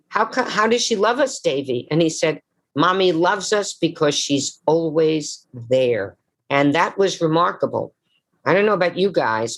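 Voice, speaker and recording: Theatrical older woman telling stories. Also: low voice. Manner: theatrical, dramatic storyteller. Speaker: guest actress and author. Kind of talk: live storytelling interview. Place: live event before an audience.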